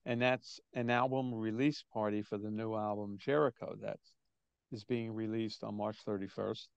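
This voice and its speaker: A gravelly older man, a drummer, tells stories in a relaxed, chatty way. His voice comes through a bit muffled and lo-fi, as on a remote call, and the sound is dry. He sits at a middle pitch. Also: moderate pace, no room sound. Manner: chatty, anecdotal, quoting others in put-on voices. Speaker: drummer, interview guest. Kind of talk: relaxed storytelling in an interview.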